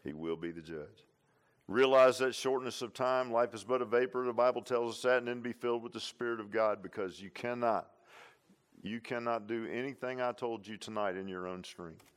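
A man's voice: medium pitch, moderate pace. A man preaching a sermon, repeating lines for emphasis and tossing in "huh?" and "amen.". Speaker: pastor.

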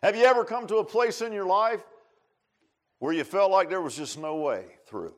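High-voiced folksy preacher man. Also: expressive, moderate pace. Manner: folksy, conversational preaching with many restarts and asides to the congregation. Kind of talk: sermon.

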